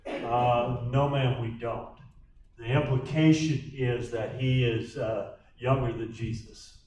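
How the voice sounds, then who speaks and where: A man's voice: medium pitch, fairly even intonation, slow, darkish tone, a little hiss or hum. A man leading a Bible study as pastor, repeating each question aloud before he answers it. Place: church meeting room. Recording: roomy echo from a distant mic.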